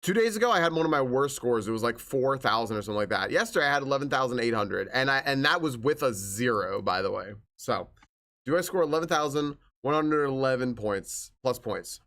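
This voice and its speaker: A man's voice: mid-range voice, animated, fairly quick, fairly bright tone. A young man live-streaming a game, chatting in an upbeat way and greeting his viewers one after another.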